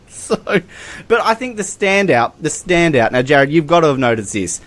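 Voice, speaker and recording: A man with an Australian accent, co-hosting a podcast and retelling sports commentary in a lively, joking way, laughing often. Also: high voice, normal speed. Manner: animated storytelling, laughs often, mimics commentators. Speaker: podcast co-host. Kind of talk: casual comedic chat.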